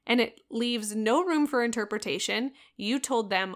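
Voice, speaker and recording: A woman's voice: fairly high pitch, steady tone, normal speed. Earnest woman coaching parents. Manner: earnest, coaching, direct address. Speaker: parenting podcast host. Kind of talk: solo podcast advice talk.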